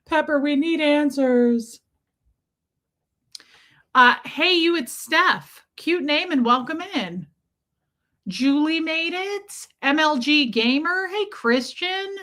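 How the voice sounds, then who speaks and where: A woman's voice: sits high, animated, slow pace, sharp tone. A woman hosting a casual livestream, chatting and greeting viewers by name in an affectionate way. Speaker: livestream host.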